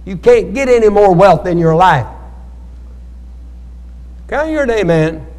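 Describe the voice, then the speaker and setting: In an echoey church hall, a man preaches to a Bible study group at a slightly slow pace, urging the congregation to answer with amens. His voice is high-pitched and darkish, with lively rises and falls.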